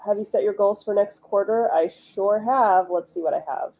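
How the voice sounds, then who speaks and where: Mellow-voiced chatty woman streamer. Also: medium pitch, normal speed. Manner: chatty, giggly, many "like" fillers. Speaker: livestream host, author. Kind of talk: casual live-stream chat.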